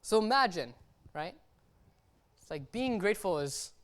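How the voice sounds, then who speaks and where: A young man preaching a laid-back sermon, his voice smooth and clear. He keeps checking in with his listeners and drops casual slang as he goes. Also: high-pitched, unhurried. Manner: chatty, keeps checking in with "right?" and "okay?"; slangy and relaxed. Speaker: lay preacher. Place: church service.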